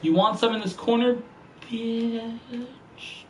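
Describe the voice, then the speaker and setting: A man's voice: fairly high pitch, a little slow, a little hiss or hum, poor audio. A man streaming a racing game, talking casually with heavy slang and profane trash talk. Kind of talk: casual gaming commentary.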